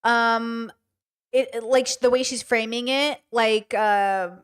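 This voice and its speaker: A woman's voice: on the high side, fairly even intonation, slow pace, fairly bright tone, smooth. A woman hosting a livestream, chatting casually about a video with lots of fillers and restarts. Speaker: streamer host.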